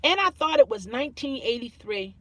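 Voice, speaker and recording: A woman's voice: on the high side, sing-song, a little fast, bright, forceful tone, dry recording. A woman vlogger telling a personal story to camera in an earnest way, often repeating phrases and restarting her sentences.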